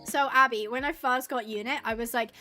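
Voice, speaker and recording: A woman with a high voice chats away on a live gaming stream, rambling from one story to the next. She laughs often and slips into little acted-out quotes. Faint game music plays softly underneath. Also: steady tone, brisk. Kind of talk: casual live-stream chatter while gaming.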